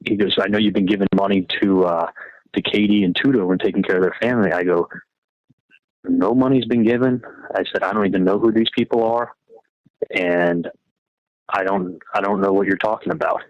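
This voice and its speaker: A man's voice: on the low side, fairly even intonation, fairly quick, no echo. Man rambling on a muffled wiretapped call. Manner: rambling, quotes others, swears freely. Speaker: caller on a wiretapped phone call. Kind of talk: rambling retelling of a conversation. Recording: muffled wiretap phone recording.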